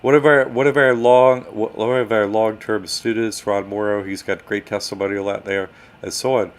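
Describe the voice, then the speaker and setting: On the low side and at a normal speed, this man's voice comes from a livestream host talking casually to chat. He stays animated while fumbling with his screen.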